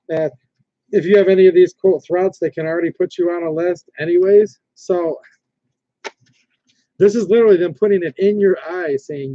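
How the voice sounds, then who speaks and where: A man's voice: on the high side, warm tone, no room sound. A man hosting a casual livestream, rambling and reading viewer comments aloud, with frequent restarts. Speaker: livestream host. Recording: dull lo-fi stream audio.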